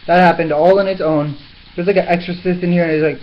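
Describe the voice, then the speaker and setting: This young man talks fast, his fairly high voice fairly even in intonation, as he casually chats through a cooking vlog in his apartment kitchen. He's self-mocking, swears and yelps, and the built-in camera mic makes it sound roomy, dull and lo-fi.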